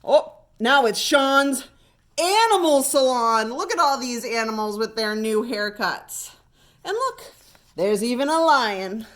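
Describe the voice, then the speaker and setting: A woman librarian with an American accent, reading a picture book aloud at storytime in an expressive way. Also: a little high, slow. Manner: animated, expressive. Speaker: children's librarian.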